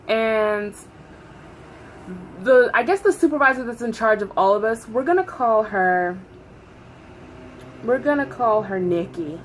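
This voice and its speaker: A woman in her thirties telling a story on her vlog, animated and profane, often laughing. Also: on the high side, slight background noise. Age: 30s. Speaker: vlogger.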